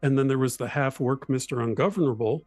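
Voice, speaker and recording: Animated man explaining character voices. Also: medium pitch, quick pace, dry recording. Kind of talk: casual chat about tabletop role-playing.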